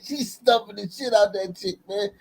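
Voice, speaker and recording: A man's voice: sits high, normal speed, creaky, breathy edge, low-quality recording. A man hosting a livestream, giving blunt, profane commentary and laughing often. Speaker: livestream host.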